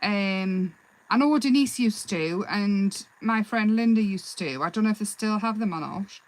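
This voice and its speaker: A woman hosting a live craft demonstration, chatting in a relaxed, rambling way and answering viewers' comments as she works. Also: mid-range voice, a little slow, rough recording. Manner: relaxed, self-deprecating. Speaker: craft livestream host.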